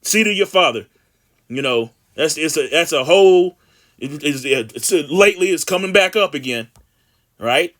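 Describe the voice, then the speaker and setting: High-voiced man rambling through scripture. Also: animated, a bit bright. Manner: rambling, frequent restarts and fillers, blunt and profane; reads scripture slowly and emphatically. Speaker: scripture commentator. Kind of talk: casual scripture commentary with readings.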